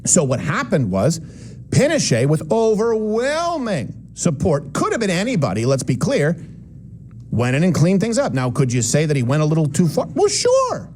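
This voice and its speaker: Guy ranting on his show, sarcastic, voice bouncing all over, kinda high, faint hiss behind. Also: huge pitch swings, moderate pace. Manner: sarcastic, emphatic, swings between loud and low. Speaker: commentary show host. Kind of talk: opinionated political monologue.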